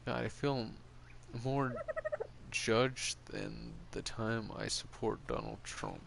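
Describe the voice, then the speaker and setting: Answering chat on his stream, this man rambles in a loose, opinionated way, packing in plenty of fillers. His medium-pitched, gravelly voice swoops wildly up and down as he takes his time. Background noise is audible.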